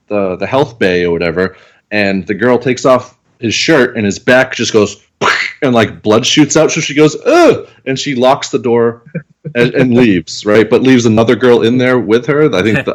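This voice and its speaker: A mid-pitched man recaps a movie on a podcast, swearing freely as he goes. He tells it scene by scene and acts out the characters' lines. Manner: profane, vivid blow-by-blow retelling with acted-out quotes. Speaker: podcast reviewer. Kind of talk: casual chat.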